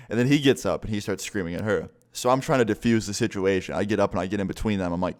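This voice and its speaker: Casual, swearing male storyteller, lowish voice. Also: quick pace, few pauses. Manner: casual, rambling, swears often. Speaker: vlogger. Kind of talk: story time vlog.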